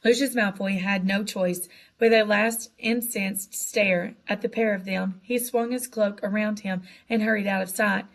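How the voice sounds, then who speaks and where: A woman narrating a children's novel with a lively, expressive reading. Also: mid-range voice, measured pace. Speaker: audiobook narrator. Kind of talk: storybook narration.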